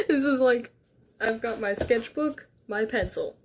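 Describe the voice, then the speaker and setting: A woman's voice: on the high side, sing-song, takes it slowly, slight background noise. A woman chatting casually on a livestream, rambling and giggling in a self-deprecating way, speaking from her bedroom into a phone on a tripod. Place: her bedroom, on a beanbag chair.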